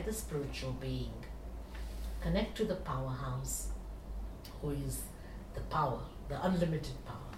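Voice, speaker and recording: A middle-aged woman, a meditation teacher telling a spiritual story in an animated way, often saying "you know". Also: sits low. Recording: echoey room, distant mic, faint hiss.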